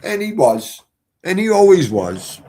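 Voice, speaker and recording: A man's voice: high voice, very animated, unhurried, mellow. A man, live-streaming and chatting casually in a rambling, folksy storytelling way.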